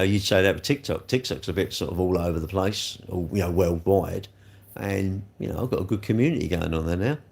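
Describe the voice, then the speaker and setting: Male livestreamer, rambling, talks straight to chat, gravelly with a very lively pitch. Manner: rambling, repeats himself, talks straight to viewers. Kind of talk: live stream chat, reacting to viewer comments.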